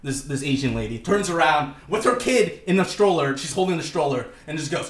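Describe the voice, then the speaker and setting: A man with a high, swooping voice tells a story on a podcast, laughing through it and cursing freely. His voice rings in an echoey room. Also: fairly quick, few pauses. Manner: animated, laughs often through his stories; swears freely. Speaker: podcast co-host. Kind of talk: casual storytelling chat.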